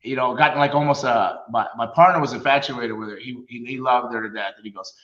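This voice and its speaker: A middle-aged man spins animated stories, laughing often and acting out what others said. His voice is bright and forceful. The sound is roomy and a little dull, like a lo-fi recording. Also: medium pitch, fast talker. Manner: animated storyteller, laughs often, acts out quotes. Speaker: guest, retired wrestler. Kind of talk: casual storytelling interview.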